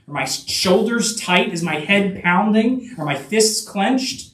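A man with a high voice preaches a sermon, stumbling and restarting as he throws rhetorical questions at his listeners. He sits some way back from the mic, and the room adds a noticeable echo. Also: expressive, a bit bright, distant mic. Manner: halting, many restarts and fillers, rhetorical questions. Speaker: pastor.

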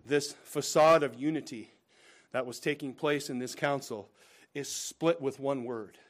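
Delivering a sermon, this pastor has a mid-range voice that swings dramatically from forceful bursts on key phrases to quiet, lingering asides. Again and again he turns to his listeners with pointed rhetorical questions.

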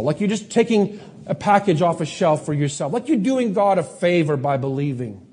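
A male pastor delivering a sermon in a fairly high voice. He asks the congregation questions and drags out key words for emphasis. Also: expressive, a little mellow. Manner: emphatic preacher, rhetorical questions, slows down for stress.

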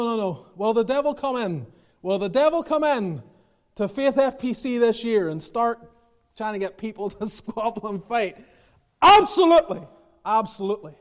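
A man preaching a sermon as pastor, swinging from low, quiet lines to loud, near-shouted ones and repeating phrases for emphasis. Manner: passionate, rising to near-shouting then dropping low.

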